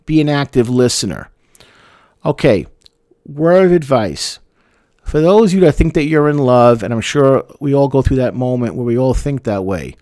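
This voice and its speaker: A man's voice: medium pitch, lively intonation, moderate pace, warm tone, no echo. A male therapist giving frank, sarcastic relationship advice and repeating words for emphasis. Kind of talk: advice talk to camera.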